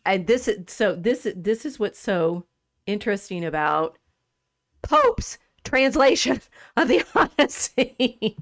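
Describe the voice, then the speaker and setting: A woman hosting a podcast in a casual discussion about literature. She talks in an animated way, laughs often and restarts her sentences. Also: medium pitch, takes it slowly, no echo, studio quality. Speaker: podcast host.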